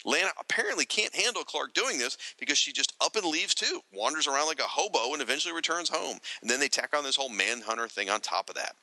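A man's voice: fairly high pitch, very animated, fast talker, few pauses, sharp tone, no echo, rough recording. A man co-hosting a podcast, reading listener feedback aloud with joking asides to the listeners. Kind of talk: casual podcast chat.

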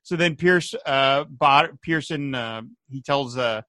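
A man co-hosting a casual chat, animated and laughing often as he retells scenes. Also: mid-range voice, slow pace, no room sound, clean studio sound. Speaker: podcast co-host. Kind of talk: casual chat recapping a TV episode.

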